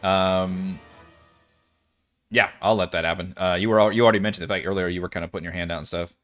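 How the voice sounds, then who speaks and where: A man's voice: deep voice, steady tone, fast talker, soft background music. A man running a tabletop game as dungeon master, thinking aloud with lots of fillers. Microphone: headset or desk mic on a voice call.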